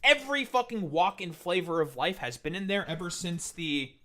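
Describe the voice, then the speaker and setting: Bright, lively, profane male ranter. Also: high-pitched, moderate pace. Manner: profane, heated ranting. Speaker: co-host. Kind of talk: profane ranting commentary.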